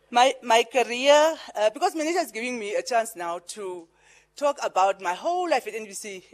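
A middle-aged woman with a Namibian English accent shaped by Herero and Afrikaans, giving a farewell speech as a veteran broadcaster, lively with laughing asides and repeated words. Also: a little high, measured pace, long pauses. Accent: Namibian English, Herero and Afrikaans influenced. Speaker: veteran broadcaster and pageant director.

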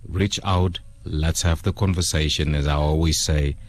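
A man's voice: a bass voice, fairly even intonation. A man who is a trauma counselor, speaking earnestly as a guest on a late-night radio talk show. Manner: earnest, measured, speaks of faith.

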